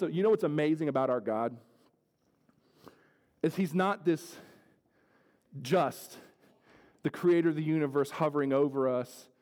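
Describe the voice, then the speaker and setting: Male pastor, fervent sermon delivery, lightly raised pitch, church hall reverb. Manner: preaching with wide swings from loud to hushed. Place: church sanctuary.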